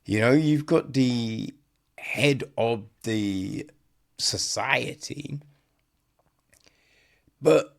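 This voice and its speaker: A man's voice: mid-range voice, drawn-out words, creaky, pauses often. A man giving a blunt, profane, casual film review on a podcast, acting out lines as he goes.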